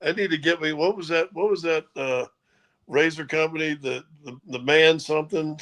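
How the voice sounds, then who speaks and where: A man's voice: a little high, normal speed, a bit bright. A man co-hosting a casual sports talk show, easygoing and rambling in a playful way. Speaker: co-host. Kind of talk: casual chat.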